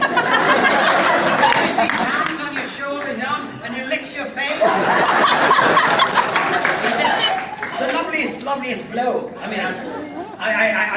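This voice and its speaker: An older Scottish man telling animated, laughing anecdotes as a guest on a fan convention panel. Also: very high voice. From Scotland. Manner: animated, laughing, slips into impressions. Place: large indoor convention hall. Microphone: audience camcorder from far off. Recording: echoey hall, far off, crowd noise.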